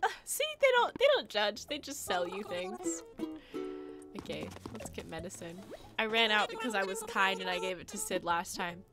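A woman live-streaming a game, chatting to herself in a giggly, excitable way. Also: mid-range voice, normal speed. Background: game music.

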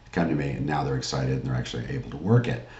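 Low dark-voiced man giving a sales training. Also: rapid-fire, roomy sound, lo-fi sound. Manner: pushy salesman pep talk, frequent "guys" and "right?". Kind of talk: online training lecture.

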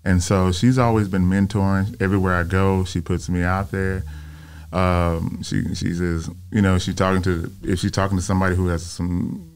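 A man in his fifties, a filmmaker guest on an interview show, telling personal stories in a casual, animated way and acting out the voices of people he quotes. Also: deep voice, normal speed, smooth. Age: 50s.

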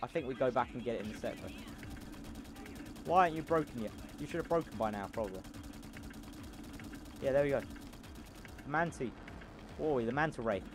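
Goofy man shouting over game gunfire. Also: mid-range voice, expressive, brisk, long pauses. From not American. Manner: loud, goofy, shouting repeated battle cries. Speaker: gameplay commentator. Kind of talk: casual gameplay commentary. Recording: noisy with game gunfire behind. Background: game gunfire and engine noise.

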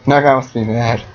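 A young man giving casual, excitable commentary while playing a game and talking to his viewers. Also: on the low side, husky. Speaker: gamer. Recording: dull lo-fi home recording.

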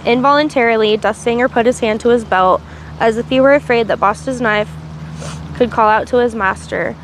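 A woman's voice: on the high side, brisk, a little hiss or hum. A woman reading a novel aloud on a livestream, with small slips and restarts. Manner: reads with small slips and restarts, asides in between. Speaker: reader.

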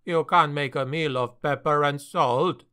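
A man's voice: fairly high pitch, measured pace, sharp tone, clean tone. A man doing a bitter dwarf harbor master. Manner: grumbling, bitter.

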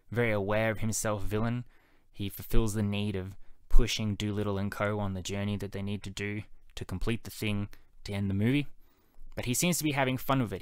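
Man, lowish voice, dry close sound, wry podcast film review. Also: no echo. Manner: wry, measured, conversational. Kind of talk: solo spoken movie review.

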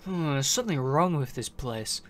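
A man's voice: mid-range voice, lively intonation, normal speed, music in the background. A man reading a visual novel aloud and giving jokey, rambling commentary as he plays. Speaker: gaming video creator.

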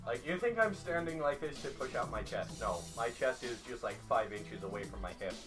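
A man's voice: mid-range voice, animated, a little fast, over music. A man talking casually while playing a video game, full of "like" fillers. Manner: filler-heavy, says "like" often. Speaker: let's play commentator. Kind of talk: casual gameplay chat, reading game dialogue aloud.

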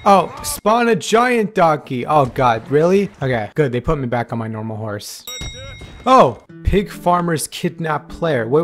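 A man giving excitable let's play commentary, laughing and exclaiming often as he plays. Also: a little high. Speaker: gaming YouTuber.

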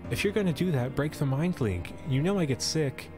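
A man's voice: on the high side, animated, brisk, music in the background, pitched above the performer's own voice, natural voice. A man voicing a pushy, demanding young male traveler in a storybook adventure, lifting his voice above his own. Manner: insistent and demanding.

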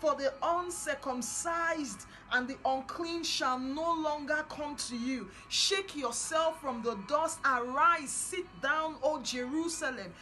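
A woman preaching a sermon, fervent and emphatic, repeating lines for stress and building to loud declarations. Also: high voice, slow, few pauses, soft background music, poor audio.

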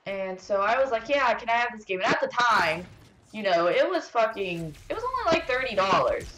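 A young woman telling a rambling, swear-heavy story while playing a video game, venting in an animated way. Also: on the high side, brisk. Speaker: gaming streamer. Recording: roomy echo, faint background noise.

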